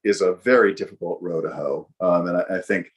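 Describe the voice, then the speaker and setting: A middle-aged American man, a guest actor, telling lively anecdotes in a casual interview with frequent fillers. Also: low voice, a little fast, lo-fi sound. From United States.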